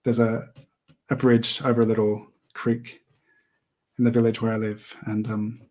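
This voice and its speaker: A man hosting an art livestream, chatting casually while he sketches, rambling with many pauses and small laughs. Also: on the low side, flat delivery, darkish tone. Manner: rambling, hesitant, laughs often. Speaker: livestream host and artist.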